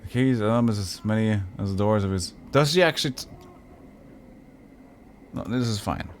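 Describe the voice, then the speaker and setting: A man's voice: fairly low pitch, normal speed, a little hiss or hum. A man streaming a game playthrough, chatting in a playful, self-interrupting way, with faint music behind. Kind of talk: casual playthrough commentary.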